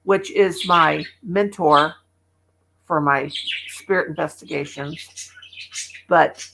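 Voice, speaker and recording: A woman's voice: low voice, slow, vocal fry, noisy background. A chatty woman in her sixties from the Midwest, rambling casually to livestream viewers and laughing often. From American Midwest. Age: 60s. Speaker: livestream host.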